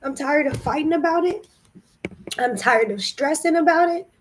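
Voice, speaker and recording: A woman's voice: high voice, normal speed, slight background noise. A young woman talking frankly to her camera about feeling tired and unwell, candid and emotional. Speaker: vlogger running group trips. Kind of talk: casual vlog talk.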